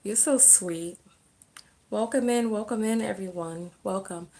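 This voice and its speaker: Mellow and mid-range, her voice moves at a measured pace. This relationships and self-love coach fields viewer comments during an easygoing livestream Q&A, responding on the fly and frequently breaking off mid-sentence to begin again.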